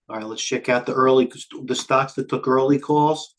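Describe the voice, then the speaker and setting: An older man hosting a live trading stream, talking quickly and jumping between stock tickers, a little out of breath. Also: a little high, animated. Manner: rapid, scattered, jumps between tickers. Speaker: trading show host. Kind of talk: live market commentary.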